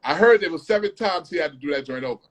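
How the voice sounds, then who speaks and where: A man, a music producer, telling studio stories in a casual, animated way, repeating phrases and humming melodies. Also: on the high side, quick pace. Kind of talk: casual storytelling.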